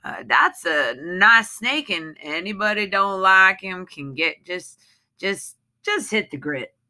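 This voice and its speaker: A woman's voice: mid-range voice, lively intonation, slow, bright, forceful tone, exaggerated voice. A woman voicing a cruel, boastful husband who sneers in heavy dialect. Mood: sneering. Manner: sneering, swaggering. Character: cruel, boastful Southern husband, adult man.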